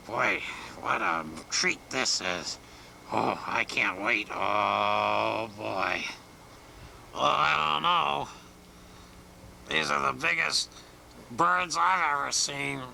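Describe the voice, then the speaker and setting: A drowsy, muddled bear creaks and rumbles through each slow word, as a man acts him out. His gravelly voice stays bright and ringing despite the grit, and he keeps wondering aloud what on earth is going on. A faint hiss sits under the recording. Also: exaggerated voice. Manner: slow, wondering, muttering to himself. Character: bumbling, puzzled male bear just woken from hibernation.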